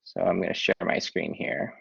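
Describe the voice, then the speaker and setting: A man teaching a Spanish class online, explaining tasks in a relaxed way with many filler ums. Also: moderate pace. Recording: dull lo-fi online lesson audio.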